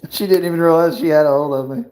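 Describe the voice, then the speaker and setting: A man hosting a casual livestream, talking to a friend and cooing at his pet in a high sing-song voice. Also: fast talker, darkish tone, a little hiss or hum, poor audio. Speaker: livestream host.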